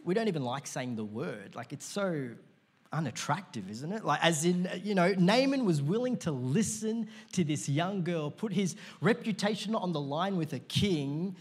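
A pastor in his thirties preaching a sermon to a congregation, chatty and animated with lots of "like" fillers and sudden loud bursts. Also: on the high side, normal speed, breathy edge. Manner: conversational, many "like, as in" fillers, bursts of shouting. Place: church auditorium before a live congregation.

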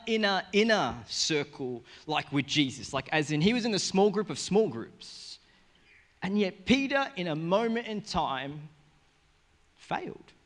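A young man, a pastor, preaching a sermon in a casual, energetic way, full of asides and quick restarts. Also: high voice, big-room sound.

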